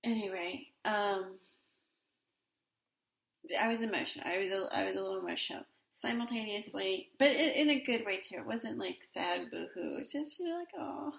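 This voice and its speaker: A woman's voice: mid-range voice, brisk, creaky, fairly bright tone, roomy sound. A woman in her forties hosting a solo podcast in a casual, rambling way, with many fillers and restarts. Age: 40s. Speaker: podcast host.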